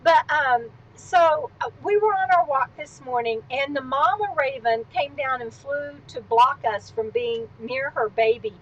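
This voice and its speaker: A woman's voice: high voice, unhurried, hardly any pauses, highs cut off. A woman hosting a casual live stream from home, chatting in a rambling way and wandering off into asides. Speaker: livestream host. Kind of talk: casual livestream chat. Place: at home, on a swivel stool.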